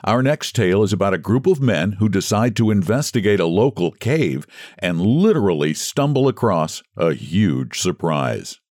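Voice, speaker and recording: A man hosting and reading a story aloud in scripted, expressive, dramatic narration. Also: lowish voice, normal speed, no echo, studio quality. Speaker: host and story reader.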